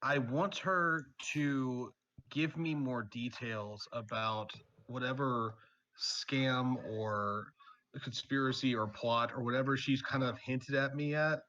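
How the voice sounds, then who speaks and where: A woman's voice: a bass voice, fairly even intonation, a bit bright, highs cut off. A woman playing in a tabletop game, talking casually and a little hesitantly, asking how to play. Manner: hesitant, asks questions, halting restarts. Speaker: player.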